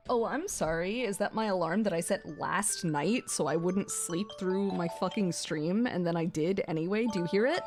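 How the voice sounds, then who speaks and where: A young adult woman streamer reading a visual novel aloud on a gaming stream, excitable and swearing between gasps and laughs. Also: lowish voice, moderate pace, hardly any pauses, faint music behind.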